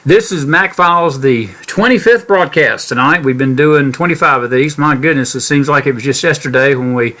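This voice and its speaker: Middle-aged man, podcast host, mid-pitched, folksy and earnest, turns indignant. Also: normal speed, hardly any pauses, a bit bright. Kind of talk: political commentary podcast.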